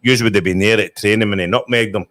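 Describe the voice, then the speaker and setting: A man's voice: on the low side, fairly even intonation, fast talker, fairly bright tone. A Scottish man hosting a podcast, retelling stories in casual chat with frequent "right?" tags. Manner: chatty, tag questions like "right?". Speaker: podcast host.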